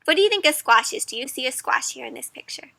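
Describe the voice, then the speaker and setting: A young woman reads a picture book aloud to children in a high, bright voice, taking her time over each page. She is animated and teacherly, pausing often to ask little questions, and the recording is close and dry. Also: vocal fry, dry recording. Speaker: children's read-aloud host. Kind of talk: interactive children's read-aloud.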